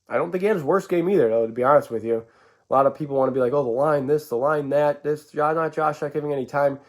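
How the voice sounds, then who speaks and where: A man talking through his team's loss in a casual sports vlog, rambling with stammered restarts and swinging inflections. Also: medium pitch. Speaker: sports fan vlogger.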